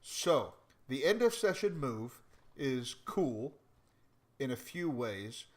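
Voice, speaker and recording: A man in the game master's seat, narrating a scene and walking players through the rules. He talks in a halting way, full of fillers and restarts, at a middling pitch. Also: big pitch swings, a little mellow.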